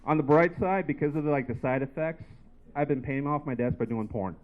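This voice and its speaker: A man doing stand-up comedy, his slightly high voice coming through a narrow, phone-like recording. He rambles through a story with lots of "like" and "uh". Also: brisk, noisy background. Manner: rambling, filler-heavy storytelling. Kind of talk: stand-up set. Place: comedy bar stage. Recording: tinny phone-like live recording.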